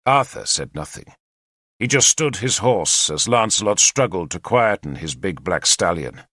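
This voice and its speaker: Lively, expressive male audiobook narrator. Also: low voice, unhurried, no room sound, clean studio sound. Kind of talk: scripted first-person narration.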